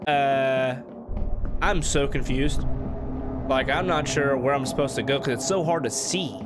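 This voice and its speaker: A man's voice: mid-range voice, unhurried, pauses often. A man commenting on a horror game he is playing, rambling jittery self-talk. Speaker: let's play gamer. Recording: game music behind.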